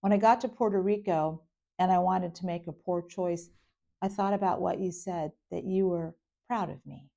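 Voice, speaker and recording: A woman doing a soft-spoken, laid-back brother. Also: fairly low pitch, steady tone, moderate pace, vocal fry, highs cut off. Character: laid-back adult brother, affectionate and apologetic.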